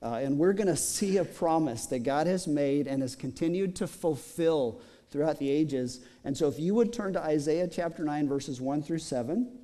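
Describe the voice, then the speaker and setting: A man's voice: on the high side, moderate pace, mellow. A middle-aged man preaching as a pastor in a church, telling a story in a chatty way with many fillers. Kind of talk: sermon.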